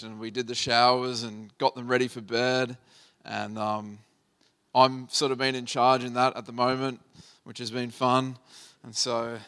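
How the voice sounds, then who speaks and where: Man, 30s, pastor, sermon, conversational storytelling, smooth clear voice, mid pitch. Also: sharp tone.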